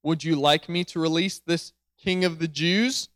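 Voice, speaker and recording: A man voicing a stern male Roman governor in a read-aloud scripture passage, his questions slowed and stressed. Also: a little high, steady tone, fairly bright tone, no echo, studio quality. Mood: declaring.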